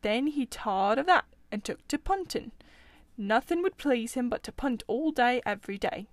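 A woman's voice: a little high, animated, normal speed, no room sound, close to an everyday voice. A woman voicing a cheerful, chatty male water rat in a storybook reading. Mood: gossiping.

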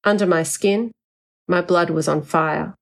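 Female audiobook narrator, first person, wry and expressive; lowish pitch. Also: unhurried, vocal fry.

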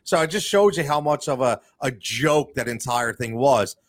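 A man's voice: medium pitch, animated, moderate pace, no echo, clean studio sound. A man hosting a sports podcast, ranting with heat and repeating himself as he gets going. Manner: fired-up, ranting, repeats words. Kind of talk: casual sports talk with ad reads.

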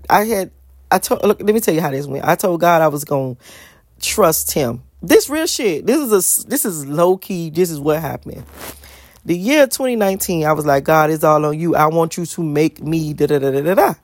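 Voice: mid-range voice, expressive, normal speed, no echo, studio quality. Blunt, profane vlogger telling a life story. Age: adult with school-age kids. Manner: blunt, profane, emphatic repetition. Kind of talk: casual storytelling monologue.

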